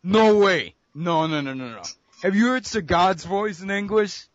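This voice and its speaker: A man's voice: sits high, a little slow, muffled recording, a little hiss or hum. A young man in casual chat with friends about games, brash, profane and opinionated. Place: abroad in Costa Rica.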